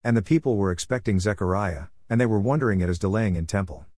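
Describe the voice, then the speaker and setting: Guy reading scripture, even and formal, lowish voice, dry sound. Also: fast, dry recording. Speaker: scripture reader.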